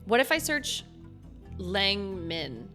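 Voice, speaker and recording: Woman streamer, excitable, swears freely, reads game text aloud, middle-pitched voice, soft game music behind. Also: slow pace. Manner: excitable, swears freely, talks to chat and her cats. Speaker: gaming streamer. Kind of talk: casual live game playthrough, reading game text aloud.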